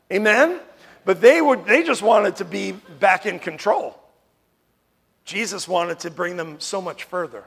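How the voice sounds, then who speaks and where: A man from New York preaching a sermon as pastor, emphatic, swinging from loud declarations to hushed tones and asking the room "Amen?" often. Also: sits high, a little slow, gravelly, slightly rough.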